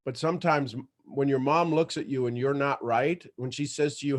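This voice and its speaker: A man hosting a motivational livestream, talking in an emphatic, animated storytelling way. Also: medium pitch, normal speed. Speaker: motivational show host.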